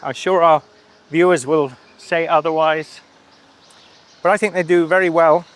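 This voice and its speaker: A man's voice: a little high, fairly even intonation, a little slow. Cheerful man on a street food vlog. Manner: cheerful, chatty, laughs often, talks while eating. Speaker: travel vlogger. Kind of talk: casual food vlog chat. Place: outdoors at a street food stall and town street.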